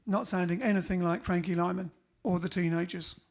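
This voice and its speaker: A man's voice: high voice, fairly even intonation, fairly quick. A man hosting a band livestream, chatting casually between songs with rambling, joking asides.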